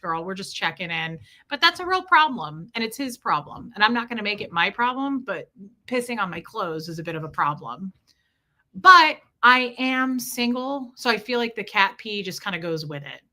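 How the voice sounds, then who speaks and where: Woman, casual livestream chat, rambling, chatty, bright tone, greets viewers. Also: medium pitch, sing-song, moderate pace.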